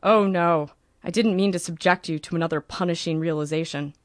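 A woman's voice: on the low side, fairly quick, dry recording, studio quality, close to an everyday voice. Woman voicing a droll, sardonic old uncle.

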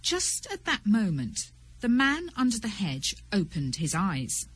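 A woman narrating an audiobook in a measured, expressive storytelling manner. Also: mid-range voice, breathy edge, low-quality recording.

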